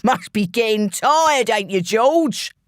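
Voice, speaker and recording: A woman voicing a menacing male gangster with a London accent, taunting in a slow, mocking drawl. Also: on the high side, animated, no room sound, clean studio sound.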